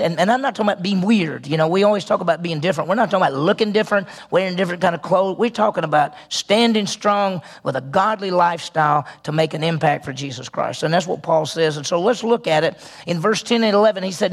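Man, pastor's sermon, high voice, gravelly, emphatic repetitions. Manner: earnest preaching with emphatic repetitions and self-corrections.

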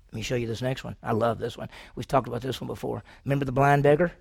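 Gravelly man preaching a sermon. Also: mid-range voice, lively intonation, fast talker, few pauses, a little mellow. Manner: asks the congregation questions, acts out quoted voices. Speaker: pastor.

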